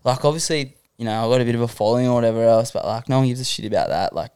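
A man's voice: mid-range voice, rapid-fire, a little mellow, clean tone, no echo, studio quality. A man with a Western Sydney Australian accent telling rambling, sweary stories as a podcast guest. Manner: swears freely, rambling storytelling with many fillers. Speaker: podcast guest, extreme sports athlete. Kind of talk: casual chat.

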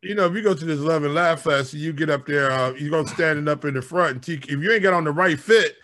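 High-voiced man joking in sports banter. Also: fast talker, fairly bright tone. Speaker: podcast co-host. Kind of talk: casual sports talk show chat.

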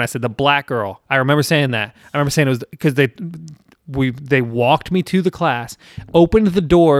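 A man's voice: on the high side, dry recording, studio quality. A man in his thirties from South Carolina, hosting a casual chat and telling a rambling, profane story with self-deprecating laughs.

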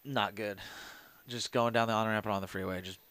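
A man in his thirties co-hosting a podcast, telling crude stories in a dry, deadpan way and swearing casually. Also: lowish voice, brisk, clean tone, no room sound. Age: 30s. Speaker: podcast co-host.

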